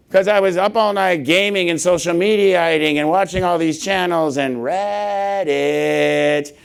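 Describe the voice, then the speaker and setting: A middle-aged man giving a humorous conference talk, animated and laughing often as he acts out little scenes. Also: on the high side, unhurried, clean tone. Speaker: conference speaker. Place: conference hall stage.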